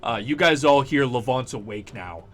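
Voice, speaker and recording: A man narrating as game master, describing scenes in a relaxed way. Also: medium pitch, moderate pace. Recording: faint background music.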